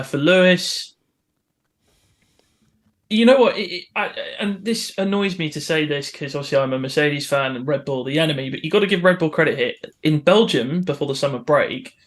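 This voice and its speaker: A man's voice: on the high side, fairly quick. A man co-hosting a casual podcast, opinionated and earnest, often restarting his sentences. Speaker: podcast co-host.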